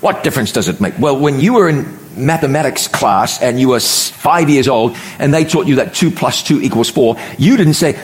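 A middle-aged man preaching a sermon, emphatic, slowing down and pausing to stress key words. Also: medium pitch, lively intonation.

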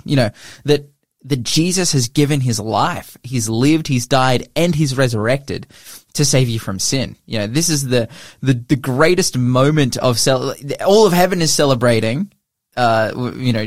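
A man's voice: mid-range voice, no echo, studio quality. A young man co-hosting a casual Bible discussion, enthusiastic and full of "like" and "you know.". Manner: enthusiastic, filler-heavy, says like and you know. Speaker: podcast co-host.

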